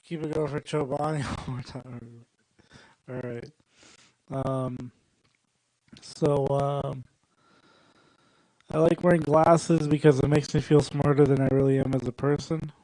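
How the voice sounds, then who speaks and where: A young man doing a stand-up set at a comedy club, rambling and working the crowd with deadpan asides. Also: mid-range voice, unhurried, pauses often, dry recording, rough recording.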